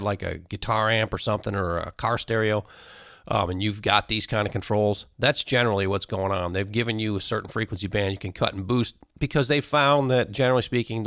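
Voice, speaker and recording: A man's voice: on the low side, creaky, fairly bright tone, dry recording. A man teaching live sound basics in a casual hands-on tutorial, talking loosely with fillers and small laughs, on a studio condenser mic in a home studio. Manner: loose, conversational, full of fillers and little laughs. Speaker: audio engineering instructor. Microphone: studio condenser mic through a mixer.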